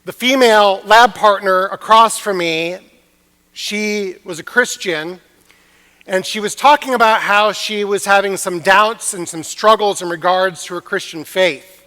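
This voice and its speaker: A man delivers a chapel sermon in a high, bright voice, unhurried and deliberate. He tells his story earnestly, leaning on emphatic pauses. His words ring out with the long reverb of a chapel hall. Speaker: preacher. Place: university chapel.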